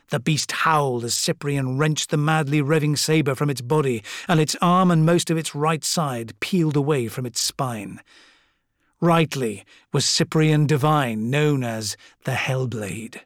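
A man reading a fantasy audiobook in a measured, dramatic storytelling voice. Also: fairly high pitch, no echo, studio quality. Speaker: audiobook narrator. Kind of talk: scripted narration.

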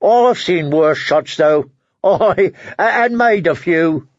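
A man's voice: sits high, lively intonation, takes it slowly, no room sound, muffled recording, voice pushed up, full character voice. A man reading an audiobook, voicing a gloomy, dour man of the watch who ends his remarks with "eh?". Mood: glum, teasing. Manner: mournful, ends lines with "eh?".

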